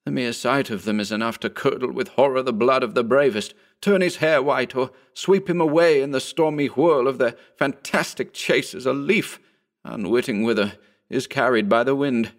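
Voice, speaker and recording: A man's voice: medium pitch, normal speed, fairly bright tone, natural voice. A man reading a story voices an earnest, pleading young nobleman who is proud but fearful.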